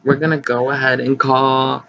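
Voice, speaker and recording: A man casually commenting as he plays a life-sim game, chatty, excitable and gossipy, recorded on slightly dull lo-fi audio. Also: mid-range voice, moderate pace, gravelly, a little hiss or hum. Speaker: gaming channel host. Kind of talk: casual let's play commentary.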